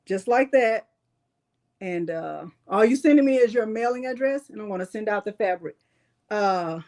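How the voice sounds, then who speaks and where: A middle-aged woman, hosting a live crafting tutorial in a chatty way and addressing viewers as y'all. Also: on the high side. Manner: chatty, warm toward viewers, says "y'all".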